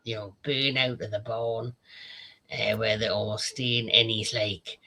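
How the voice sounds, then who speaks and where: Bright-voiced man retelling a show. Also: on the low side, flat delivery, unhurried. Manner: retells scenes eagerly, with false starts and casual swearing. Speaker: TV review show host. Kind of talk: casual review chat.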